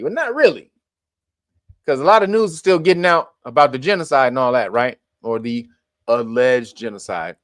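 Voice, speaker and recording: Man hosting commentary, blunt profane talk, frequent laughs, high lively voice. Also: normal speed, long pauses, no room sound, clean studio sound. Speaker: commentary podcast host.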